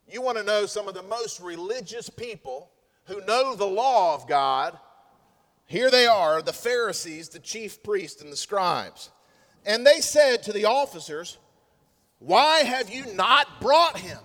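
A male pastor delivers a sermon in an unhurried, deliberate way. His voice sits high for a man and swells on stressed words before falling quiet. It rings with the long reverb of a church sanctuary. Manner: emphatic preaching, rising and falling between loud stresses and hushed asides.

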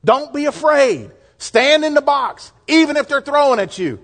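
High-voiced Southern pastor preaching. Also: male voice, normal speed. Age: middle-aged. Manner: folksy, lively preaching with asides and jokes. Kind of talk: sermon.

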